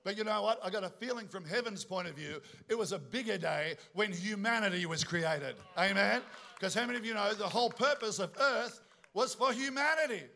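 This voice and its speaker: Middle-aged man, high-pitched, lively joking preacher working the room. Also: a little fast, gravelly. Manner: animated, joking storyteller with asides to the congregation. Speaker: pastor. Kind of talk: sermon.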